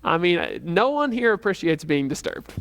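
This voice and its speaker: A man's voice: high-pitched, very animated, normal speed, vocal fry, fairly bright tone. A man leading a casual church youth lesson in a rambling, chatty way, full of fillers and restarts. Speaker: youth Bible teacher.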